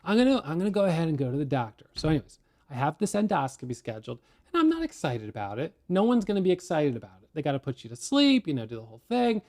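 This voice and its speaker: A man with a somewhat high voice tells his viewers a story in a casual, animated way. He is candid and self-deprecating as he talks through a stressful day. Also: fast talker. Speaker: day trading educator.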